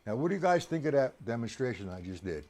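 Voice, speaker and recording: A man teaching drums on a live stream, chatty and coaxing, counting beats aloud with loud accents on the downbeats. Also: medium pitch, big pitch swings, quick pace, noisy background. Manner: chatty, coaxing, addresses viewers directly. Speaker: drum teacher. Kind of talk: live-streamed drum lesson.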